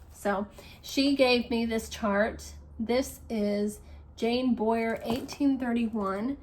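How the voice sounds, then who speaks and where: A woman hosting a cross-stitch vlog, telling stories in a chatty, enthusiastic way and laughing often. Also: a little high. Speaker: Flosstube host. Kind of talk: casual storytelling vlog.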